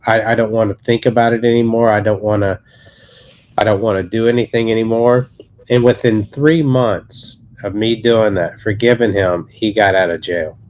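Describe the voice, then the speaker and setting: A man in his thirties, an associate pastor, telling his personal testimony in a podcast interview in a halting, earnest way with many restarts. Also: on the low side, fairly even intonation, darkish tone.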